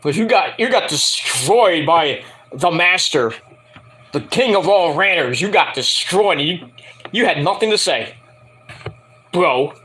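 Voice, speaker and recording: Casual male reviewer, bright and lively, profane and rambling. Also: fairly high pitch, takes it slowly, pauses often. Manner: profane, ranting, hesitant with fillers. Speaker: wrestling review vlogger.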